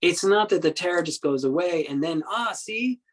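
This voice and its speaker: Halting, storytelling male meditation teacher. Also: a little high, poor audio. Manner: storytelling, halting with repeated words; acts out quoted speech in the story. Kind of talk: Buddhist dharma talk.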